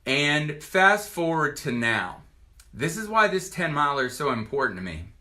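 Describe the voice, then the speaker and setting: A man in his forties from Virginia, a doctor giving a personal testimonial to camera in an earnest, halting way with many restarts. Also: on the high side, very animated, pushed and bright. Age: 40s.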